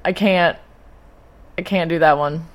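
A woman's voice: low-pitched, steady tone, measured pace. A young woman co-hosting a podcast, talking casually in a rambling, loose way with some swearing. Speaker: podcast co-host. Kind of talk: casual chat.

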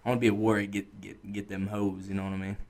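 A man's voice: lowish voice, little pitch movement, fast talker, darkish tone. A young man co-hosting a podcast in casual chat, laid-back and profane, dropping "dude" and "like" often. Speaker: podcast co-host.

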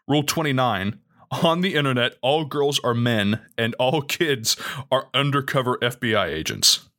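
Bright, lively young man co-hosting. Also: medium pitch, normal speed. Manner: animated, reads rules aloud with jokey asides. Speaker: podcast co-host. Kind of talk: casual chat.

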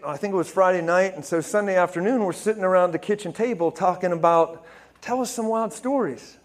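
A man preaching in a casual storytelling way, full of fillers and restarts, rising to excited, loud peaks. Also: high voice. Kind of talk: conversational sermon storytelling.

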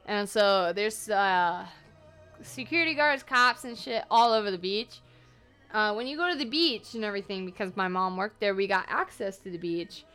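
A young woman hosting a podcast, telling stories from her life in a loose, animated way, swearing freely and laughing along. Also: mid-range voice, normal speed, clean tone, faint music behind. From United States. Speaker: podcast host. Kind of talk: casual storytelling monologue.

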